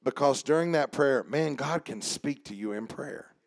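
A male pastor preaching a sermon in church. He starts low and conversational, then builds to shouted preaching and calls out to church members by name. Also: normal speed, gravelly, dry recording.

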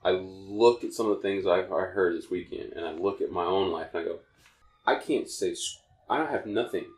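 A podcast co-host with a notably low voice talks fairly quickly and casually in an echoey room. He drifts through a story, rambling and correcting himself as he backs up to restart sentences.

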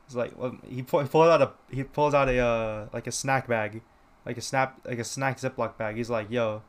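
A young man chatting casually on a podcast and telling a story in a loose, rambling way. His pitch sits in the middle, and he keeps acting out what other people said. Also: moderate pace. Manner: rambling, lots of "like", quoting others. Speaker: podcast co-host.

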